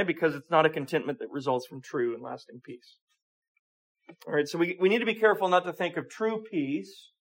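Casting: male preacher, slightly high voice, talky sermon style, rhetorical questions. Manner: conversational preaching with rhetorical questions and repeated words.

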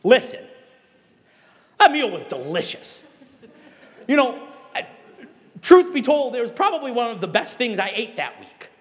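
A Midwestern pastor with a notably high voice preaches to his congregation. He tells animated stories, then drives home his points with emphatic exhortations. His voice carries with a long reverb, as if filling a large church hall. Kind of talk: sermon.

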